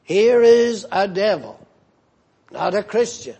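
Male preacher with a high voice who takes his time, deliberate, asks rhetorical questions. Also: expressive, gravelly, warm tone, breathy edge. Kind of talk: sermon.

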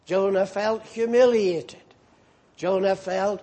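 A man preaching a sermon as a minister, moving between emphatic rises and quiet, drawn-out questions. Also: high voice, vocal fry, breathy edge.

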